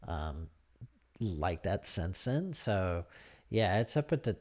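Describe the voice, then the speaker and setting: Deep-voiced male guest; easygoing and agreeable, conversational. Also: sing-song, slow, a little mellow. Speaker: podcast guest. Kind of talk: casual chat.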